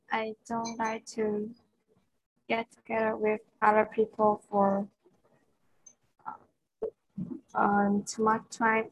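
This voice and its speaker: A woman with a slightly husky voice answers her teacher's questions slowly, pausing and reaching for words. Her replies are short and hesitant. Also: medium pitch, low-quality recording. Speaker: English student. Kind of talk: answering speaking-test questions.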